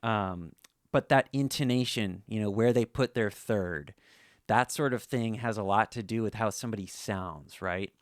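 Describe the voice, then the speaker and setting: A man's voice: lowish voice, normal speed, dry recording, clean studio sound. A man giving a casual, conversational guitar lesson, full of "you know" fillers. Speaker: slide guitar teacher.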